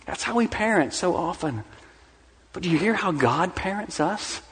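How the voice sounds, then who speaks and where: A middle-aged man preaches from the pulpit in a notably high voice. He drops into soft, low asides, then builds to rising, emphatic declarations. His words ring out with the long reverb of a large church hall. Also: animated, normal speed, slight background noise. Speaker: pastor. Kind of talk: sermon. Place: church sanctuary.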